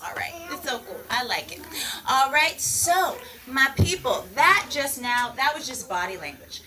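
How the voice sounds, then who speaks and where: A woman teaching children outdoors in a lively, playful way, calling the kids "my people" and "y'all.". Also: sits high, unhurried, recorded from a distance, poor audio. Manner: energetic, playful, calls the crowd "my people" and "y'all". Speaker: peace educator teaching children.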